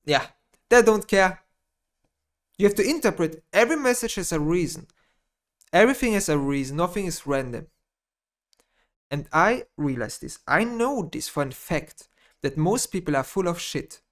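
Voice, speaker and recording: A man ranting in a gaming vlog monologue, speaking non-native English with blunt swearing, repeating his phrases and swinging between muttering and loud outbursts. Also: high voice, sing-song, normal speed, long pauses. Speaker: gaming YouTuber.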